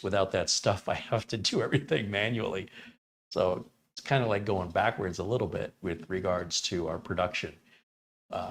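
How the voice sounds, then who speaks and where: An American man hosting a live tech stream, running benchmarks and chatting casually with viewers in a relaxed way. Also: low-pitched, creaky. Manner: relaxed, chatty, reads chat names aloud. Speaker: tech channel host. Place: home studio.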